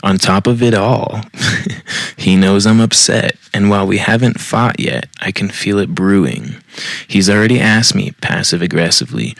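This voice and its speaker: Male podcast host, very low voice, reads posts aloud with blunt profane commentary. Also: unhurried, gravelly, fairly bright tone, no echo. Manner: blunt and profane, mocking asides. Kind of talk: reading a post aloud with commentary.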